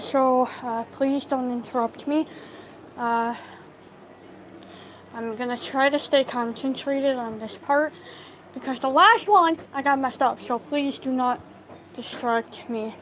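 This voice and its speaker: High-voiced woman telling a slow story. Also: a little hiss or hum, low-quality recording. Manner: halting, many fillers and restarts. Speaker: livestream storyteller. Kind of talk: casual spoken storytelling to live viewers.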